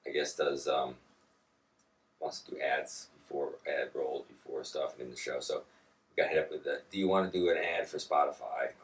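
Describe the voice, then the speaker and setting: A man with a very deep voice co-hosts a casual podcast at a normal speed and steady tone, joking, laughing often, and slipping into silly voices. He sounds far from the mic, a bit off-mic in an echoey room.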